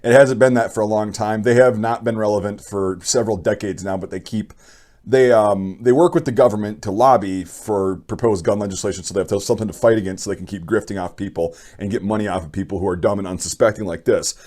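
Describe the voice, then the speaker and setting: A man's voice: fairly low pitch, fairly even intonation, fast, a little mellow. A young man hosting his channel, bluntly giving opinions and reading viewer stories in a rambling, casual way. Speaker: channel host.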